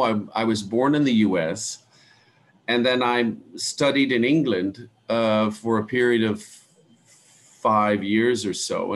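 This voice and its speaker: A middle-aged man with a softened Midwestern American accent, teaching English pronunciation in an online class, speaking slowly and deliberately and spelling out words. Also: mid-range voice. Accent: American Midwest, softened by years abroad.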